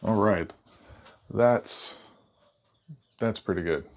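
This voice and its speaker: A man giving a casual painting lesson, relaxed and thinking aloud as he works. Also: lowish voice, very slow. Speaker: painting instructor.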